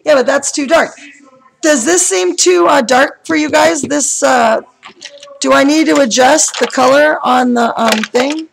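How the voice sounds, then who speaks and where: Excitable high-voiced woman with gravelly tone. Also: a little slow, slight background noise, rough recording. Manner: excitable, chatty, asks lots of questions. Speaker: coloring channel host. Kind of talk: chatty live stream setup. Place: home room with bright lights.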